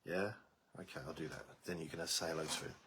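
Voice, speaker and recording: A man chatting casually on a live stream from home, talking slowly and meandering, his voice tiring. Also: a bass voice, fairly even intonation, pushed and bright, a little hiss or hum.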